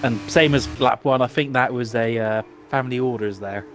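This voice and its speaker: A man's voice: mid-range voice, normal speed, a little hiss or hum. A British man co-commentating a sim race, chatty and tripping over his words. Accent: British English.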